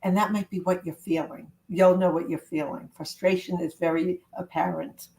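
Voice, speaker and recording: A woman love coach giving an earnest, gentle self-help talk to camera, with spiritual wording. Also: on the low side, steady tone, normal speed, low-quality recording.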